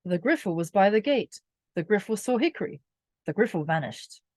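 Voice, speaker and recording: Expressive woman reading a children's storybook. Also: medium pitch, dry recording, studio quality. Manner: expressive, slow and clear for children. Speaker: reader. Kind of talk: children's storybook read-aloud.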